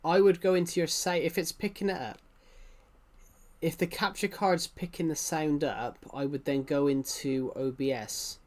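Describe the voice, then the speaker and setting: A man's voice: on the high side, fairly even intonation, moderate pace, a little mellow. A young man chatting casually with viewers during a game live stream, rambling and often correcting himself. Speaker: livestreamer.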